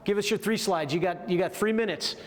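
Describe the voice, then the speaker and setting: A man voicing a brisk male master sergeant who loudly and jokingly greets a newcomer. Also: high voice, big-room sound, natural voice. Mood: teasing.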